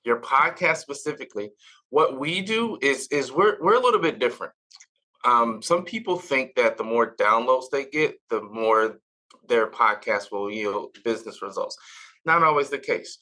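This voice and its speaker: A man in his forties, a podcast guest, explaining his work in a relaxed way with many "um"s. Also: mid-range voice, moderate pace, poor audio. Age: 40s. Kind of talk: casual interview.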